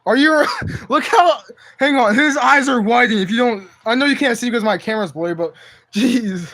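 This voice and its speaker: A man's voice: very high voice, moderate pace, sharp tone. A young man live streaming from home on his phone, chatting to his cat in slangy, profane speech. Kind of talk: casual live stream chat.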